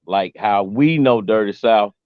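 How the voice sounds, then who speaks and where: A man interviewing a guest, speaking in an earnest, measured way. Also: fairly low pitch, no echo. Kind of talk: casual interview. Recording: dry muffled recording.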